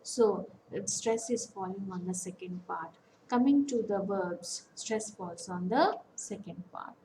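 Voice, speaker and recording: A woman with an Indian English accent, an academic counsellor giving a methodical online lecture on English word stress and repeating each example word slowly. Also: mid-range voice, mellow, a little hiss or hum, low-quality recording.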